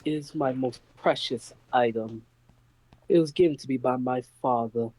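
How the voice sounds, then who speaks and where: A man playing a scheming young noblewoman, slow and dry. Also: medium pitch, darkish tone, rough recording. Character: scheming young woman noble with a precious ruby. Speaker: player. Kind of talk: in-character tabletop role-play.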